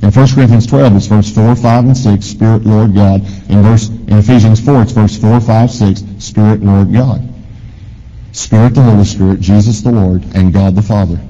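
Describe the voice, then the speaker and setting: A man pastor preaching a sermon with emphatic swings in pitch and volume, asking the congregation questions. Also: fairly even intonation, moderate pace, warm tone, lo-fi sound. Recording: long hall reverb.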